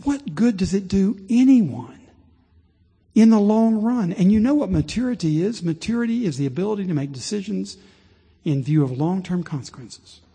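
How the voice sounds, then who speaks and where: A man preaching a sermon as pastor, rising to impassioned pleading and dropping low and slow. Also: lively intonation, warm tone, slightly rough. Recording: long reverb of a large hall.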